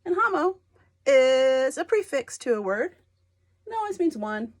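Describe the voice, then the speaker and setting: A woman teacher explaining a spelling lesson to children, stressing words slowly and deliberately. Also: sits high, sing-song, dry recording, studio quality.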